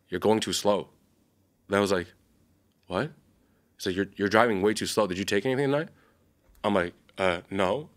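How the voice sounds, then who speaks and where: A man's voice: fairly low pitch, fairly bright tone. A young man telling a long story in a casual podcast chat, rambling and correcting himself. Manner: rambling, self-correcting, laughs often. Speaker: podcast co-host.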